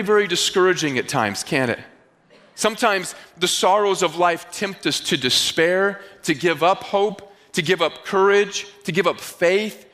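Pastor, male, from the Northeastern US, preaching with a high, bright voice and acting out little scenes; reverberant sanctuary sound. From Northeastern United States. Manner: animated storytelling with acted-out dialogue. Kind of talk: sermon.

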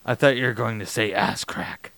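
A man co-hosting a podcast, giving short dry deadpan replies. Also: on the low side, normal speed, creaky, no echo. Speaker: podcast co-host. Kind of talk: casual podcast banter.

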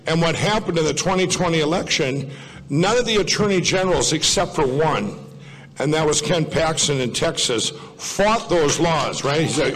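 A man's voice: high-pitched, noisy background. A man giving a rambling public speech to an audience, digressive and folksy, often correcting himself mid-sentence. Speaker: speaker at a political event. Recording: long reverb of a large hall.

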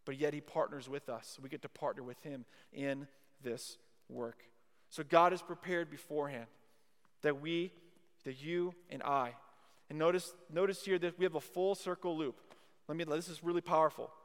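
A man preaching a sermon to a university gathering, emphatic and repetitive, leading into a quiet prayer. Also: on the high side, fairly even intonation, moderate pace. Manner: emphatic, repeats key phrases, then drops to a hushed prayer. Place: university chapel or hall. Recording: long hall reverb.

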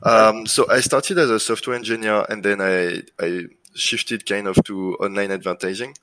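French-accented man, low dry voice. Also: moderate pace, no echo, poor audio. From France. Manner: relaxed, many fillers and restarts. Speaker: guest, lead generation business owner. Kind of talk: casual interview chat.

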